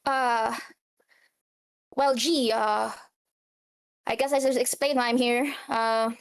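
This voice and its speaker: A woman's voice: on the high side, fairly even intonation, takes it slowly, smooth. A woman voicing a brash male half-brother with an attempted Southern drawl, rambling and folksy in a tabletop game. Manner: folksy, rambling, loose with swearing. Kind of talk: tabletop role-play character voice.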